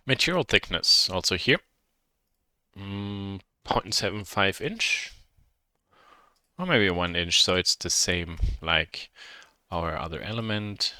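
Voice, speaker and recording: A man with a German accent teaching a software modeling lesson, thinking aloud and correcting himself as he works. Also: deep voice, lively intonation, slow pace, pauses often, dry recording, clean studio sound. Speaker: instructor.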